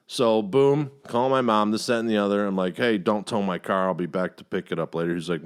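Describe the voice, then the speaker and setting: A middle-aged man tells a rambling story on a casual podcast. His voice sits on the low side, and he swears freely and flares up when he quotes himself. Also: a little fast, clear, resonant tone. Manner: profane, animated anecdote-telling. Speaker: podcast host.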